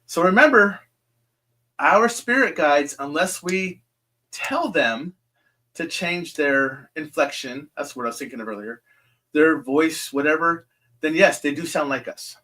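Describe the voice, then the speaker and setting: A man hosting a live viewer Q&A, his voice sitting a bit higher than most men's. He talks in a loose, rambling way, pausing on "um" a lot while reassuring each person directly. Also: animated, sharp tone. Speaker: host answering viewer questions. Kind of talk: live Q&A stream.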